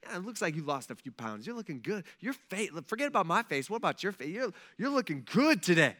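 A man voicing a nervous royal servant who rambles in fawning flattery to his king. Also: sits high, fast. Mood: flattering.

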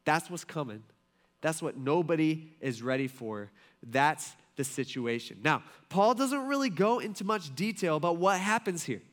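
A man's voice: fairly high pitch, lively intonation, normal speed, a bit bright. A man in his thirties, a pastor, preaching a casual, conversational sermon full of folksy stories and asides. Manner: chatty, folksy storytelling with many fillers and asides.

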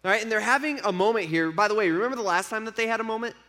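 A man's voice: sits high, very fast, bright, forceful tone. A man preaching a casual sermon, retelling a story and acting out the speakers' lines in an everyday voice. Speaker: pastor.

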